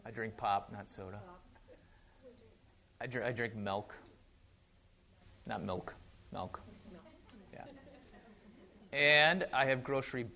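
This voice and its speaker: A man's voice: medium pitch, measured pace, creaky, long pauses, bright, forceful tone. A man with a Wisconsin accent giving a casual sermon, chatty with joking asides and frequent restarts. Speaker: pastor.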